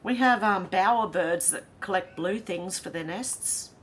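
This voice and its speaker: A woman's voice: mid-range voice, measured pace, a bit bright, slight background noise. A middle-aged Australian woman hosting a casual livestream, reading viewer comments aloud with giggly, chatty asides. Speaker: livestream host.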